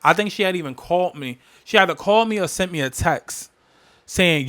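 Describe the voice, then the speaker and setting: A man's voice: high voice, expressive, fairly quick, fairly bright tone. A man hosting a podcast, telling a personal story in an emphatic, candid way. He repeats phrases for weight and swears freely. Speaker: podcast host.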